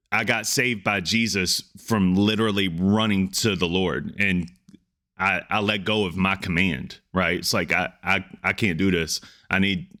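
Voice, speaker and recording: Earnest, low-voiced man reacting to music. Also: sharp tone. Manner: earnest, reflective, repeats himself with restarts. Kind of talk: casual reaction commentary.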